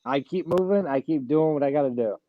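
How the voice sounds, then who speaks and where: A man's voice: on the high side, a little fast, dry recording, lo-fi sound. Blunt, swearing man talking tough. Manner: blunt, swears a lot, boastful. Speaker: show host. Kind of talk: casual live-stream chat.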